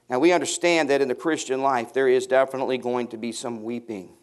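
A man's voice: medium pitch, moderate pace. A man in his fifties, a pastor preaching a sermon to his congregation, telling funny stories and bantering with the people in the pews. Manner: humorous, storytelling, banters with the congregation. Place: church before a congregation.

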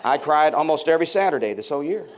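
Racing along in a fairly high voice with lively intonation, a man in his fifties preaches to his church congregation amid slight background noise. He's a humorous storyteller, sharing funny tales and bantering with the people in the pews.

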